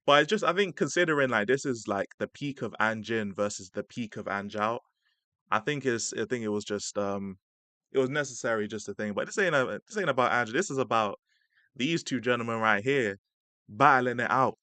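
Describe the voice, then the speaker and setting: A man's voice: medium pitch, moderate pace, bright, forceful tone, no room sound. Laid-back young man streaming. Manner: laid-back slang-heavy chat, laughing often. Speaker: stream host reacting to a clip. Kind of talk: casual live-stream reaction.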